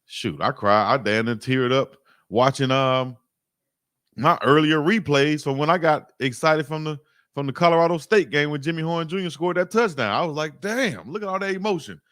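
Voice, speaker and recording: A man's voice: on the high side, moderate pace, a bit bright, dry recording, clean studio sound. A man in his forties hosting a live sports stream, talking casually and emphatically in slangy commentary that keeps repeating itself.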